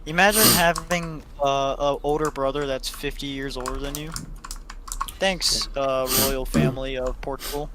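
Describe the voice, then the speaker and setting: A man's voice: mid-range voice, fairly even intonation, moderate pace, background noise. A young man streaming a game from home with friends, blunt and sarcastic, swearing freely. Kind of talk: casual gaming chat. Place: home, at a computer. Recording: keyboard clicks behind.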